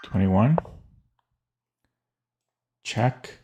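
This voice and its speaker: A man with a lowish, mellow voice thinks aloud at an unhurried pace, muttering and hesitating as he plays. He counts off puzzles and greets chat between moves, like a streamer at his desk. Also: expressive, muffled recording, slight background noise. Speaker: chess streamer.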